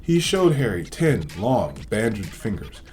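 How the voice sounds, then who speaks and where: Lively low-voiced male storyteller. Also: a little slow, faint music behind. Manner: expressive, varied delivery. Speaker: reader, host. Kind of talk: storybook read-aloud.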